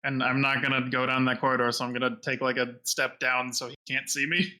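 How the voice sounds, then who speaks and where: A man's voice: medium pitch, level tone, a little fast, bright, forceful tone. A man playing an online tabletop game, casual and wry. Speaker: player.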